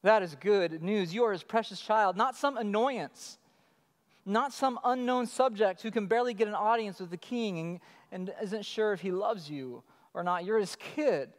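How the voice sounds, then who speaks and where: Male pastor, thirties, high voice; animated sermon storytelling, echoing sanctuary. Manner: animated storytelling, acts out a child's calls. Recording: long hall reverb.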